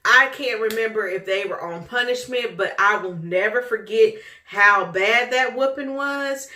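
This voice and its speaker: A woman vlogger casually telling a childhood story in an animated way, laughing often as she goes. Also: a little high, measured pace. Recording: echoey room.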